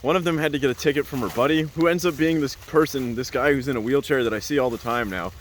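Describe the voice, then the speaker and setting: A man's voice: medium pitch, quick pace, slight background noise. A man telling a casual, rambling story as a vlogger, full of "like" and "uh" and laughing often.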